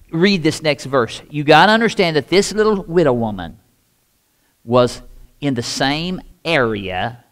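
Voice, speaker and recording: A man in his sixties with a Midwestern American accent, preaching a sermon as lead pastor, swinging between hushed asides and loud emphatic repetition. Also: medium pitch.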